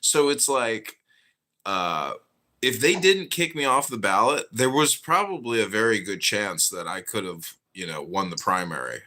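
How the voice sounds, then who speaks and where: A man hosting a podcast in casual chat, animated and mocking, often slipping into put-on voices. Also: on the low side, unhurried. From United States. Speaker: podcast host.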